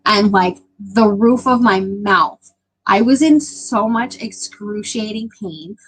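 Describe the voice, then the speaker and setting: A woman's voice: medium pitch, slow pace, low-quality recording. A young adult woman chatting casually with her live stream viewers, rambling with lots of filler words.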